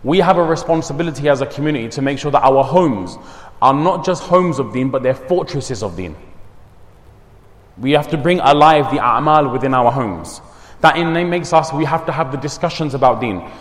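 A man teaching at a madrasa gives a community talk, mixing in Urdu and Arabic words and telling stories with lively energy. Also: mid-range voice, moderate pace. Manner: mixes English with Urdu and Arabic words, animated storytelling. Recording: long hall reverb.

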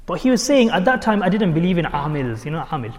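Speaking fast in a slightly high voice, this man preaches a storytelling sermon with a big-room sound. He animatedly performs the voices of those he quotes and often starts over mid-thought.

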